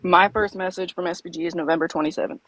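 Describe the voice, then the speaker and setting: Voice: mid-range voice, steady tone, fast talker, fairly bright tone, slight background noise, rough recording. A livestream caller in casual chat, blunt and direct. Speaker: live stream participant.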